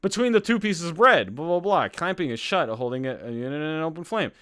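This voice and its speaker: A man's voice: a little high, lively intonation, brisk, fairly bright tone, smooth. A young man from Canada hosting a casual live-streamed podcast, worked up and ranting with lots of swearing. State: sweating. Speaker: podcast host.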